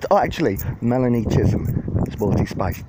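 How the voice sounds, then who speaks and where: Wind and park noise come through clearly in this outdoor phone video, recorded on a handheld camera. The speaker is a young vlogger from Widnes, England, whose Liverpool-area accent carries a medium-pitched voice at a moderate pace. He rambles chattily and cracks jokes with lively energy as he leads a casual walking tour of a city park.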